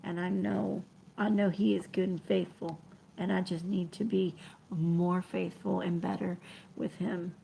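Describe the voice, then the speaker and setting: This is a woman, speaking in a low, gravelly voice. She talks in an emotional, halting way, often softening into whispers as she answers her viewers. A faint hiss of noise sits behind her. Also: flat delivery. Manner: soft-spoken, emotional, halting, drops to whispers. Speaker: trucking vlogger reading live chat. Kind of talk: emotional live-stream chat.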